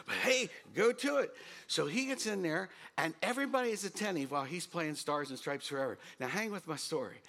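Preaching through storytelling, this middle-aged pastor is lively, hums melodies, and gets loud for emphasis. His pitch sits high and he talks fairly quickly.

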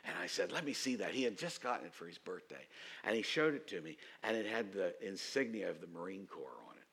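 A man preaching a sermon as pastor, telling stories and rising to loud, emphatic outbursts. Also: low voice, lively intonation, fast, slightly rough.

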